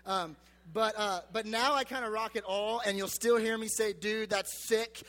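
Young male youth pastor, high bright voice, joking and casual, in a reverberant hall. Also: fairly even intonation, normal speed. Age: 20s. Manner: chatty, joking, self-deprecating, many fillers.

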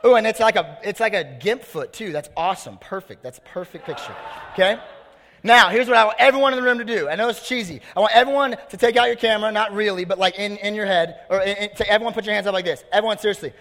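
A man preaching a casual, energetic youth sermon from a stage in a large hall. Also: high voice, quick pace. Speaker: youth pastor. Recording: long hall reverb.

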